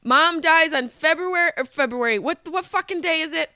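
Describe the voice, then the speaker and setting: A woman hosting a podcast, telling a comic story in a profane, animated way and often interrupting herself. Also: extremely high pitch, moderate pace, no room sound, studio quality. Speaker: podcast host. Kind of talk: comedic storytelling monologue.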